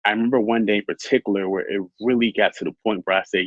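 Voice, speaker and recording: A man telling his own story as an interview guest, soft-spoken and halting with many fillers. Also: on the low side, steady tone, no echo, highs cut off.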